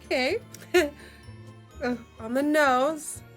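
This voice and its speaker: A woman hosting a makeup challenge video, chatting casually and reading out steps with animated, exclaiming commentary. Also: high-pitched, very slow, soft background music. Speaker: beauty video host.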